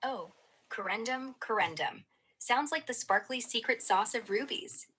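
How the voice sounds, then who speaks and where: A woman's voice: a little high, moderate pace, a little hiss or hum, rough recording. Breezy AI assistant with a woman's voice. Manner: playful, breezy, slangy and flattering. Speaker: AI chat assistant. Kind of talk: upbeat conversational replies.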